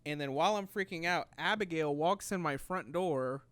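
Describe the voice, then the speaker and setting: A man's voice: a little high, moderate pace, a bit bright. A young man telling a story in casual podcast chat, rambling with many fillers and acting out quotes. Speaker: podcast co-host.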